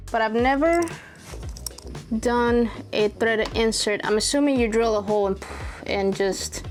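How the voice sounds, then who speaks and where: Chatty woman narrating a DIY build. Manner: chatty, talks to her pets in a high excited voice. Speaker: DIY vlogger. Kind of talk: casual DIY vlog narration.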